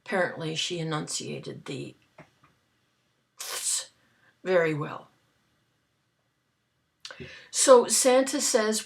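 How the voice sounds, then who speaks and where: A woman tells a story in a casual, rambling manner, pausing for fillers and restarts. Her voice is gravelly and she takes her time with each phrase. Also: fairly low pitch.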